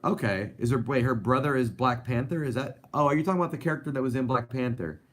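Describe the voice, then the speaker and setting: A man's voice: mid-range voice, quick pace. A young man hosting a casual live stream. He rambles and reads viewer comments aloud. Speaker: host.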